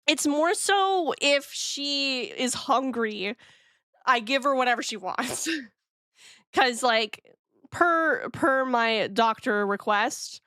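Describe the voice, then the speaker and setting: A young adult woman streaming from home, chatting casually in a gushing, excitable way and swearing freely, close on the mic. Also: high-pitched, slow, clear, resonant tone, no echo. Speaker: VTuber streamer. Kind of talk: casual live-stream chat.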